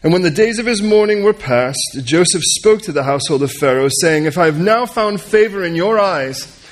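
A man reading a Bible passage aloud to a group in an earnest, unhurried way, now and then stumbling and correcting himself. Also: high-pitched, expressive. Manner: earnest reading with stumbles and corrections, coaxes listeners to repeat names. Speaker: Bible teacher. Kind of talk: reading scripture aloud and leading prayer.

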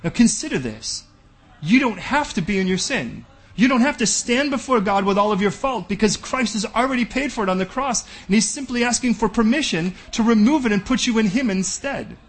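A man's voice: high-pitched, lively intonation, a little fast, breathy edge. A man preaching a sermon as pastor, bold and direct, often acting out back-and-forth dialogues.

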